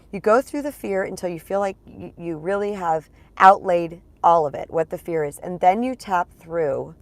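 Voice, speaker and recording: A woman's voice: fairly low pitch, normal speed, hardly any pauses. A woman speaking as a spiritual empowerment coach in a casual vlog monologue. She is chatty, repeats words for emphasis and talks to her viewers as "you guys.".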